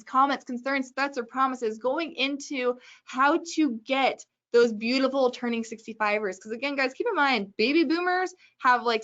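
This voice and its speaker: Brief: woman webinar host, slightly high voice, chatty and joking, dull lo-fi stream sound. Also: a bit bright. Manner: chatty, joking, brisk advice. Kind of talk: casual webinar talk.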